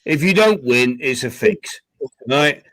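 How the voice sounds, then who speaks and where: A man's voice: mid-range voice, expressive, slow, fairly bright tone, no echo, rough recording. A man on a live stream chat, teasing and praising a young friend in casual banter. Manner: joking, ribbing banter mixed with praise. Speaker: guest on a live watchalong stream.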